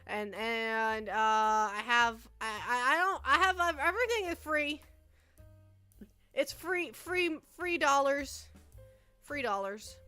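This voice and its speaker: Her voice on the high side, bright, smooth and forceful, a young woman rambles through a casual livestream chat. She frequently stammers and repeats herself, and she squeals happily whenever she thanks viewers.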